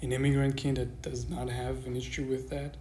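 A man's voice: mid-range voice, little pitch movement, brisk, darkish tone. A young man co-hosting a podcast, talking thoughtfully at length and laughing at his own points. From immigrant raised in Germany. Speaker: podcast co-host. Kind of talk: casual podcast chat. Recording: echoey room with faint noise.

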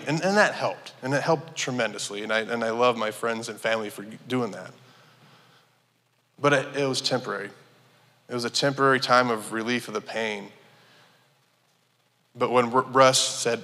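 A man sharing a personal testimony in a church, earnest and halting, with many restarts. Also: medium pitch, steady tone, pushed and bright. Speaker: church member giving testimony. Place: church sanctuary. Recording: long hall reverb.

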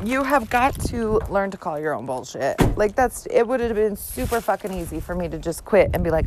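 A woman's voice: medium pitch, lively intonation, normal speed, few pauses, noisy background. A mother hosting her own show, delivering a blunt, profane, emphatic motivational monologue. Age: adult mother. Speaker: host.

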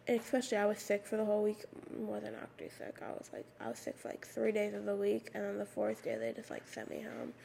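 Raspy teenage girl with a slight lisp. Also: mid-range voice, little pitch movement, fast, few pauses, mellow, slight background noise. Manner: rambling, lots of "like" fillers. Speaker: podcast host. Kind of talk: casual solo podcast talk. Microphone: USB microphone at a computer.

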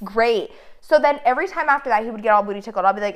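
Woman, casual storyteller, lively and profane, quotes texts in voices. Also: fairly high pitch, quick pace, clean tone. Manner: animated, swearing, quoting messages in voices. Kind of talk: casual chat.

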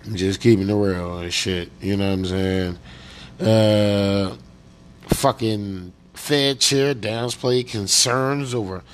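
A man from Pennsylvania hosting a show, ranting casually and profanely and checking in with his listeners again and again. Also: on the low side. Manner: profane, repeats "you know what I'm saying". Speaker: podcast host.

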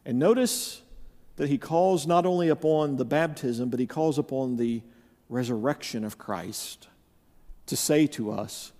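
A man's voice: medium pitch, mellow. Emphatic male preacher in a reverberant hall. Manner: emphatic preaching, slowing down to stress key phrases. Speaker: pastor. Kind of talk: sermon.

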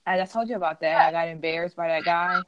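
A woman co-hosting a casual podcast chat, telling animated stories. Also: fairly low pitch, fast, muffled recording, crowd noise. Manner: chatty storyteller, animated retellings. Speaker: podcast co-host.

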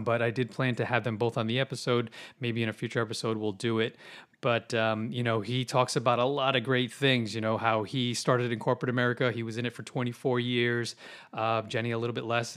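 A man's voice: mid-range voice, little pitch movement, fairly quick, fairly bright tone. A man hosting a podcast, talking casually with many fillers and restarts. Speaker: podcast host.

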